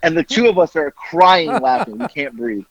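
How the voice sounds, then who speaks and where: A man's voice: fairly high pitch, very animated, normal speed, a crowd in the background. A man hosting a podcast, telling a story with lots of swearing and acting out both sides of a phone call. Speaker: podcast host.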